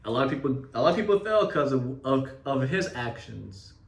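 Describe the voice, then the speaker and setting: A man's voice: mid-range voice, a little fast, creaky, recorded from a distance. Profane young man telling a story. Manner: profane, animated, street slang. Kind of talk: casual storytelling. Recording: echoey room, off mic.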